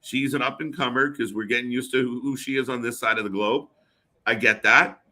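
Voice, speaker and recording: A man co-hosting a live wrestling watch party stream, chatting casually with fillers and quick reactions. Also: mid-range voice, fairly even intonation, pushed and bright.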